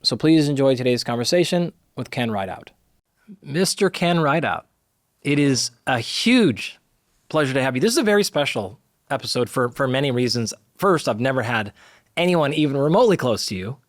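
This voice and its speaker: A man hosts a podcast interview, earnest and openly admiring of his guest. His voice is at an ordinary pitch. The recording is dry, with no room echo. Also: animated, normal speed. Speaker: podcast host. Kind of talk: interview conversation.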